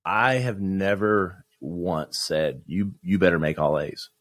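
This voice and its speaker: A man with a fairly low voice, thinking out loud as a podcast guest. He circles back and restarts his sentences often. The recording is dry and close. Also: no echo. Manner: reflective, halting with many restarts. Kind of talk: casual conversation.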